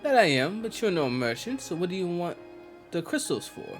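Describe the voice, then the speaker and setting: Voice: mid-range voice, big pitch swings, normal speed, soft background music, natural voice. An actor playing a cagey crystal merchant in a game. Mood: guarded. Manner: sly, guarded. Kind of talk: video game cutscene dialogue.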